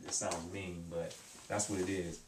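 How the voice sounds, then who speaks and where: Low-voiced man explaining in an echoey room. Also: flat delivery, background noise. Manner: halting, repeats words, many fillers. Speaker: language teacher. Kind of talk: casual explanatory lesson. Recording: echoey room, mic at a distance.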